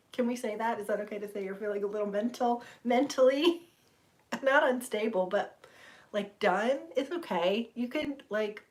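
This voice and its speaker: A middle-aged woman, chatting casually with viewers on a livestream, rambling and laughing. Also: mid-range voice. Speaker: livestream host. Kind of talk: casual chat with live viewers.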